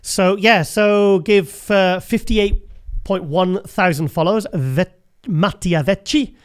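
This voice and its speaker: A man's voice: high-pitched, slow pace, smooth. A man hosting a casual show, chatting and rambling as he looks through pictures and laughs often. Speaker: host.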